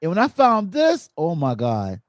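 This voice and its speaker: A man hosting a podcast in casual chat, telling funny stories with animated energy and acting out quotes. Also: fairly high pitch, normal speed, no echo. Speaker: podcast host.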